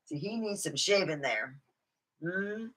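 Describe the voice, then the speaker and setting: A woman's voice: fairly low pitch, animated, slow, a bit bright. A woman talking alone in her room in a rambling, swearing vlog monologue, laughing at her own jokes. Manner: rambling, swearing, jumps between topics. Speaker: vlogger.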